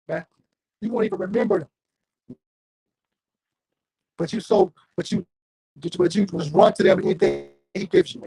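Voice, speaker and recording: A man's voice: sits high, brisk, vocal fry, warm tone, husky, no room sound. A man giving a fiery, confrontational street sermon, reading scripture aloud and calling on listeners. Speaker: street preacher.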